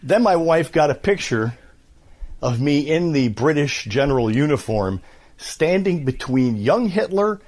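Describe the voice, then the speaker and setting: A man in his fifties, a voice actor, telling stories in a casual interview with an animated, filler-laden manner. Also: a little high, measured pace. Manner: animated storyteller, many fillers. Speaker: voice actor, guest.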